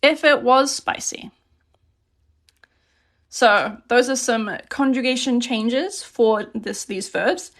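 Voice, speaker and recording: A woman teaching a relaxed, chatty live grammar lesson and reading out questions from chat as she writes on paper at her desk. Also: on the high side, slow, pauses often. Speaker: Korean language teacher.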